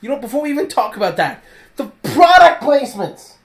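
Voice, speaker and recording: A woman's voice: high-pitched, big pitch swings, a little fast, noisy background. Swearing exasperated woman reviewer. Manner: swearing, exasperated, bursts into shouting. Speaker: host. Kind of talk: casual review chat.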